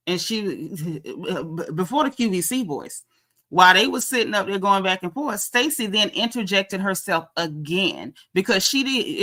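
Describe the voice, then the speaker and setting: Sassy black lady recapping a show for her chat, bright voice, animated. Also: medium pitch. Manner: animated, sassy retelling with quoted lines. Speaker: reality show recap host. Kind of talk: casual recap chat to a live chat.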